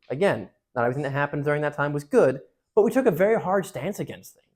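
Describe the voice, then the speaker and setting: A young man giving a youth talk at a parish, emphatic and joking, jumping between loud outbursts and hushed asides. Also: a little high, expressive, fast talker. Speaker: parish speaker.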